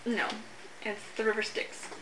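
A woman's voice: fairly high pitch, level tone, measured pace. A woman running a tabletop game as game master, narrating casually with lots of filler words. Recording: roomy echo, faint hiss.

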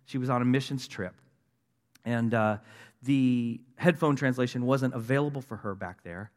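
A man's voice: mid-range voice, moderate pace. A man in his fifties telling his conversion story as a sermon, earnest and building to emphatic declarations. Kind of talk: testimony sermon. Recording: long reverb of a large hall.

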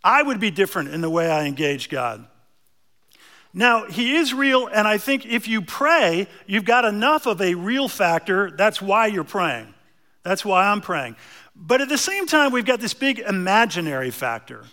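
A man preaching a sermon, telling a story with animated emphasis and asides to the congregation. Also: high voice, moderate pace.

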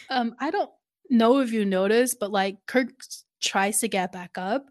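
A woman co-hosting a podcast in casual recap chat, animated, swearing freely and acting out quotes from the episode. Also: medium pitch, measured pace. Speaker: podcast co-host.

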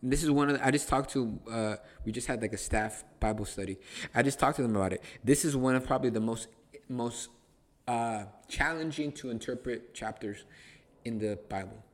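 Man, podcast host, casual Bible teaching, emphatic, repetitive, loud-to-quiet swings. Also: mid-range voice, brisk. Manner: emphatic and repetitive, restarts phrases for stress.

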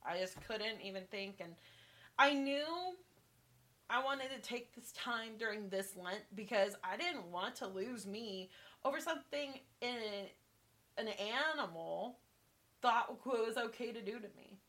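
Higher-pitched woman, candid podcast co-host. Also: unhurried, fairly bright tone. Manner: candid, reflective storytelling. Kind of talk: casual chat.

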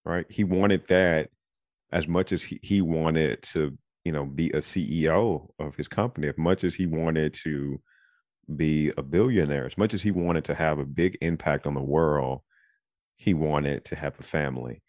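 A man hosting a podcast in casual chat, rambling and digressive as he thinks out loud. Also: rumbling low, normal speed, no room sound. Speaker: podcast host.

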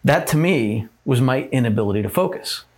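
A man talks through an informal lesson as he writes on a board. His delivery is loose and conversational, full of fillers and tag questions. His voice sits at an ordinary middle pitch. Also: expressive, fairly quick, a little mellow. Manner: casual and rambling, many fillers and tag questions. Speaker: teacher. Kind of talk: informal talk on growth and pain, writing on a board.

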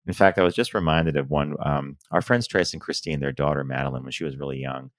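A middle-aged man co-hosting a casual chat show, telling stories with animated acted-out quotes. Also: extremely low pitch, fast talker, dry recording, studio quality. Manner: animated storyteller, acts out quotes. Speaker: podcast co-host.

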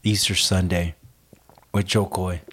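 A man chatting casually, asking questions with frequent ums and easy pauses. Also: deep voice, slightly rough. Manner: relaxed, asks questions, hesitant fillers. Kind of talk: casual chat.

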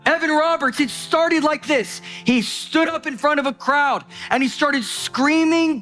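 A man preaches a passionate sermon, swinging from loud urgency to low intensity and rushing in bursts with repeated restarts. He's expressive, and soft music plays in the background.

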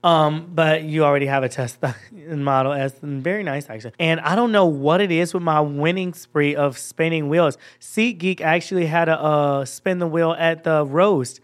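A man as a podcast guest, telling stories in a sassy, animated way and laughing easily. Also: a little high, normal speed, hardly any pauses. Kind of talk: casual storytelling chat.

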